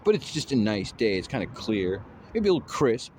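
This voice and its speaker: A man's voice: fairly low pitch, very animated, brisk, darkish tone, slight background noise. A man rambling in a casual monologue, drawling with lots of fillers like "you know" and "man".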